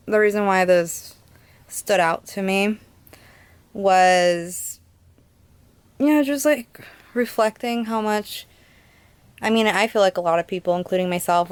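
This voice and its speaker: A woman's voice: medium pitch, clear, resonant tone, no echo. Chatty young woman reviewing books. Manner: chatty, rambling, with fillers and soft laughs. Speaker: book reviewer. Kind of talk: casual book review vlog.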